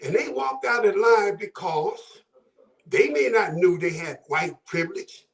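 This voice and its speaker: Calling in to a talk show, a Buffalo, New York man delivers impassioned, preacher-style commentary and frequently raises his voice. He's high-pitched with lively intonation, unhurried, with vocal fry, recorded from a distance in a reverberant space.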